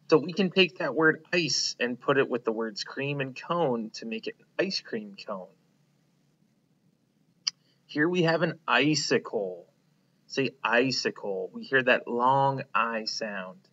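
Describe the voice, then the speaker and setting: A man teaching a phonics lesson to young children, slowly prompting them to repeat words and praising them. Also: medium pitch, animated, bright, forceful tone, muffled recording. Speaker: kindergarten teacher.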